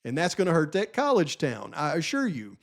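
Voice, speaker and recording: High-voiced insistent male commentator. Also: wildly swooping pitch, fairly quick, creaky. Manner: insistent, lecturing, emphatic; frustrated. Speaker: channel host. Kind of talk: solo true-crime commentary.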